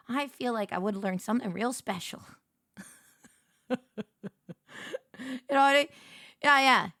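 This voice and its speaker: A woman's voice: on the high side, a bit bright, dry recording, studio quality. A woman hosting a casual reaction stream, giggly and playful as she chats. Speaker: streamer host.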